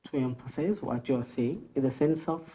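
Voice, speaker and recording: An English grammar teacher explaining a rule at the board, patiently repeating each phrase and example several times and pausing often with fillers. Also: mid-range voice, warm tone, husky. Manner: explains step by step with frequent fillers. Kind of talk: classroom grammar lesson at a board.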